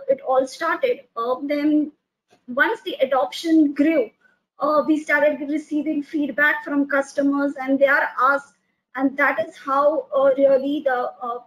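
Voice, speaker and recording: A woman who founded a software company, speaking as a webinar guest in a hesitant way, with many fillers and restarts. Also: high voice, measured pace, rough recording. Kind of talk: webinar panel talk.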